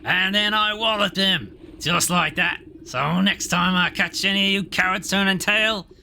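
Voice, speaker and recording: A man's voice: high voice, a little slow, creaky, sharp tone, slight background noise, pitched above the performer's own voice, full character voice. A man voicing a large, ferocious, boastful drunken soldier captain who bellows his boasts and orders. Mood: bellowing. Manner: bellowing, blustering.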